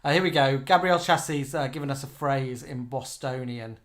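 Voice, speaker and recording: A man's voice: mid-range voice, brisk, a bit bright. A middle-aged English man co-hosting a casual live chat, reading out viewer comments and giggling often. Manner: chatty, giggly, reads out comments. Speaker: podcast co-host.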